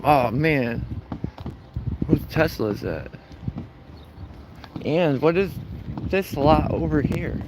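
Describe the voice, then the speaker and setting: A man walks through a parking lot with his phone camera, muttering and then shouting slogans. His voice sits a bit high. Faint outdoor noise hums behind him. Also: animated, slow, long pauses. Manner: mocking, shouts slogans at passersby. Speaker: protester filming a vlog. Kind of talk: casual outdoor protest vlog.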